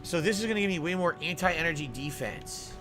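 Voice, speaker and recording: A man's voice: a little high, expressive, a little fast, bright, forceful tone. A man live-streaming a game, thinking aloud over gear choices and thanking viewers for tips. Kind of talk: live gameplay stream chat. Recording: game music behind.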